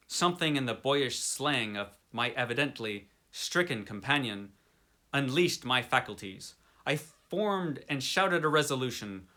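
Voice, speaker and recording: Guy reading a spooky story, lively up and down voice, bright and sharp. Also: medium pitch, measured pace. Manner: expressive, theatrical delivery. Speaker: story reader. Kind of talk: dramatic horror story reading.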